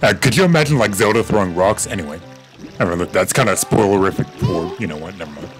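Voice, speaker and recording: Man, casual gaming commentary, rambling, lowish voice. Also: expressive, fast, soft background music. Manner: rambling, swears casually, frequent fillers. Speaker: gaming video creator. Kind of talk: casual let's-play commentary.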